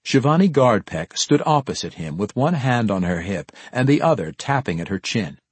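A man reading a fantasy novel as an audiobook narrator, in a measured, low-key storytelling manner. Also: big pitch swings, husky, dry recording. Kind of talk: scripted narration.

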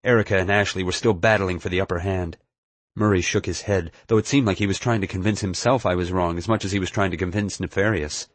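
A man's voice: low voice, fairly even intonation, fast, dry recording. A man narrating an audiobook in the first person, telling the story expressively.

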